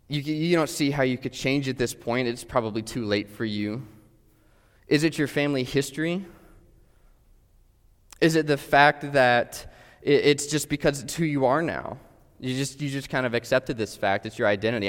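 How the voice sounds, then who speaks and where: A man preaching a sermon, earnest and direct, putting questions straight to his listeners. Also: medium pitch. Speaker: pastor. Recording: long hall reverb.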